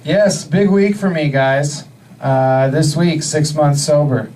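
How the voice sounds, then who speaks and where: A man in his thirties from the US Northwest performs a stand-up comedy set with a deadpan, halting delivery padded with fillers. His voice is mellow and dark, picked up from some distance on a club stage mic. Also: a little high, soft background music. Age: 30s.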